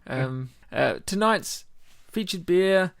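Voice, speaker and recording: A man co-hosting a casual beer podcast, chatty and quick to laugh, with plenty of ums. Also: sits high, lively intonation, creaky, no room sound, clean studio sound. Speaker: podcast co-host.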